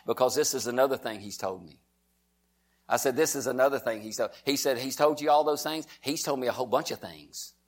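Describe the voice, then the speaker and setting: A man preaching as a pastor, reading scripture slowly and with emphasis. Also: mid-range voice, fairly bright tone. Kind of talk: sermon.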